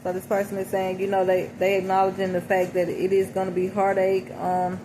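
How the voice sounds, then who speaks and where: A woman's voice: mid-range voice, monotone, brisk. A woman speaking in a casual, reflective way, interpreting song lyrics for her listeners and often checking in with "okay?". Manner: reflective, repeats "okay?" and "you know". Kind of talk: casual spoken reading. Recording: noticeable background noise.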